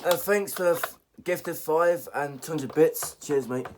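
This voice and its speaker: A man's voice: a little high, unhurried, a little hiss or hum. A man streaming live, who swears a lot and bickers with his own puppet. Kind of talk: casual live-stream talk.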